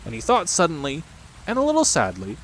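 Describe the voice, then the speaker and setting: A man reading a children's bedtime story aloud as the narrator, in a gentle, expressive manner. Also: fairly high pitch, a little fast, a little hiss or hum, poor audio. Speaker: audiobook narrator. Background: rain sounds.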